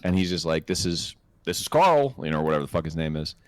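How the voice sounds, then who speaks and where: A man co-hosting a podcast, telling a profane, animated anecdote in a casual chat. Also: a bass voice, quick pace, no room sound. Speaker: podcast co-host.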